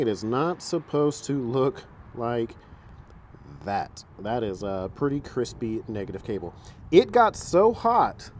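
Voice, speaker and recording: In a vlog recorded outdoors beside a truck on a camera mic, a man casually walks through a car repair. His medium-pitched voice is a little mellow, with a bit of hiss or hum, and he's chatty, self-mocking, and prone to getting long-winded.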